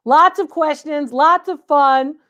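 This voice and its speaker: A woman's voice: sits high, slow, fairly bright tone. A woman hosting a live antiques Q&A, chatting to viewers in an emphatic way and repeating phrases for stress. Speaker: antiques appraiser and livestream host. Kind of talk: live Q&A chat reading viewer comments.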